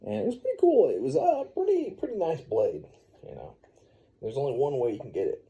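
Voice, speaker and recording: A man's voice: medium pitch, huge pitch swings, brisk, gravelly, mellow, muffled recording. A man improvising a rambling, playful story for a baby. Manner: rambling, playful, sing-song. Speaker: parent telling a story to a baby.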